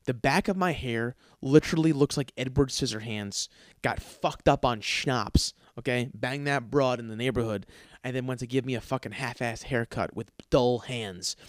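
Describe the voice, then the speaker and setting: A man's voice: medium pitch, normal speed, dry recording. Profane ranting man, dry close sound. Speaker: podcast host. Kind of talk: comedic rant.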